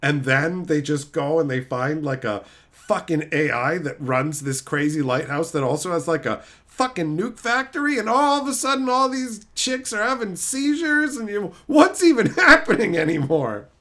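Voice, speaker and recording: A man's voice: fairly high pitch, normal speed, bright, forceful tone. A man streaming and chatting casually, ranting about a show with frequent swearing and mocking put-on voices. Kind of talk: casual chat.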